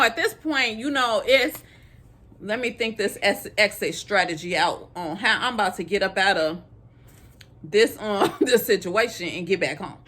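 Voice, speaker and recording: A young adult woman from Illinois telling a dating story to her viewers in a casual, animated way, laughing often. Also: fairly high pitch. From Illinois, USA.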